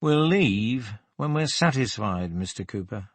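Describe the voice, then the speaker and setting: A man voicing a calm middle-aged police inspector who questions a suspect in a level, firm way. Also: mid-range voice, a little slow, no echo.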